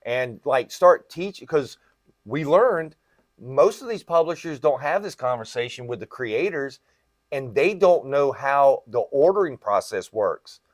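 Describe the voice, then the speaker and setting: Brief: male podcast host, comic retailer, chatty explainer, mid-pitched, dry close sound. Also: lively intonation, a little slow, no room sound. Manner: explains at length, often checks in with "right?". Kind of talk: casual podcast chat.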